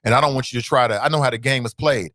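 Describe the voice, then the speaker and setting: A man hosts a call-in talk show. He talks in a blunt, emphatic way and circles back to repeat his points. His voice sits at a middling pitch, and the sound is dry with no room around it. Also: rapid-fire, fairly bright tone, no room sound. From United States.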